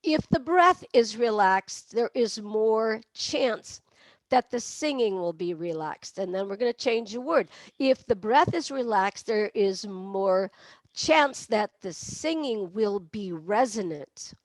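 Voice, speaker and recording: A woman's voice: medium pitch, expressive, slow pace, no echo, studio quality. A woman leading a singing lesson on breathing, demonstrating with barks, meows and sung laughs. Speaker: vocal coach. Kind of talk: online voice lesson.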